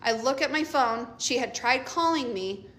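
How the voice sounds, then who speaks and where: A woman's voice: a little high, expressive, moderate pace, a bit bright, a little hiss or hum. A middle-aged woman, a mother, telling a casual storytime about her teenage daughter, blunt and offhand, laughing often.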